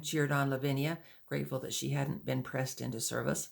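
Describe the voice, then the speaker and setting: A woman narrating a historical novel as an audiobook in a measured storytelling manner. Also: very deep voice, gravelly.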